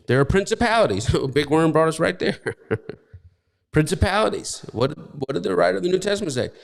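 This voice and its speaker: A man preaching a sermon in a rather high, gravelly voice. He keeps asking rhetorical questions and drives each point home with emphasis, in a loose, conversational tone. His voice rings out with a long hall reverb. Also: expressive, normal speed. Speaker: pastor.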